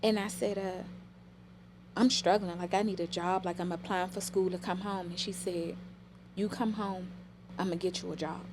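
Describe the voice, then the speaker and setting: A woman's voice: lowish voice, fairly even intonation, normal speed, noisy background. A middle-aged woman telling personal stories with emotion in a casual podcast conversation. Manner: emotional, storytelling. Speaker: podcast guest.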